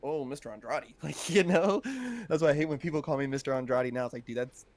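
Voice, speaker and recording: A man's voice: on the high side, quick pace, darkish tone. A man co-hosting a podcast, talking in a laid-back, casual way and swearing freely. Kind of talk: casual chat.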